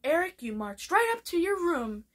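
A woman's voice: big pitch swings, moderate pace. A woman voicing a stern cartoon mother who scolds her son, retelling a cartoon scene. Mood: scolding. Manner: shrill, scolding.

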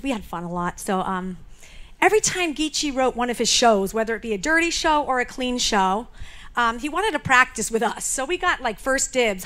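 Woman, high voice, memorial tribute, chatty, halting, lots of fillers. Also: pushed and bright. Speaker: memorial speaker, late comedian's roommate. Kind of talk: personal tribute speech. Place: live show venue.

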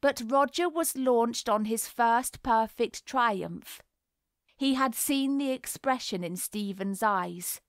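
A woman narrating a classic novel in a measured, deliberate reading voice. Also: fairly high pitch, no room sound, studio quality. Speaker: audiobook narrator. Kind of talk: scripted literary narration.

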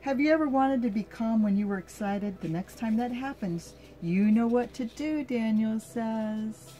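In a fairly high voice, an older woman gently reads a picture book to her grandchild at a slow pace, breaking off to ask the little one questions.

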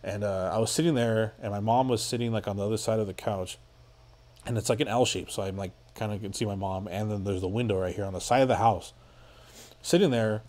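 Low-voiced man telling a story casually. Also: fairly even intonation, fairly quick, a little mellow. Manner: rambling, full of "like" fillers and swearing. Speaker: podcast guest.

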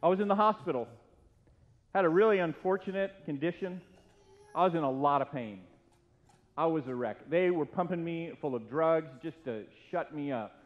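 Speaking at normal speed in a slightly high voice, a middle-aged man who used to be a youth pastor pokes fun at himself while honoring someone at a church retirement party. It's a humorous, anecdote-driven tribute delivered as animated storytelling. Faint hiss and an echoey hall give the audio a muffled, low-fidelity feel.

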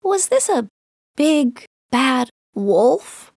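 A little child's voice, high and anxious, asking timid questions. The tone is breathy and dry, close to the mic. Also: female voice, sing-song, extremely slow, darkish tone, no echo, exaggerated voice. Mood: curious. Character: small curious child Lou, worried.

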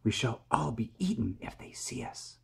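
A man voicing a gloomy, fearful earthworm who speaks in hushed warnings. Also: medium pitch, very animated, slow.

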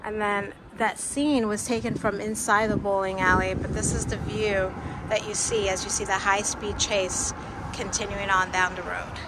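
A woman making a walking travel vlog outdoors in the cold, gushing and exclaiming with excitement, a little out of breath. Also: medium pitch, normal speed, very noisy. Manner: gushing, exclaims often, laughs. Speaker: travel vlogger. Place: outdoors in cold weather, on a street.

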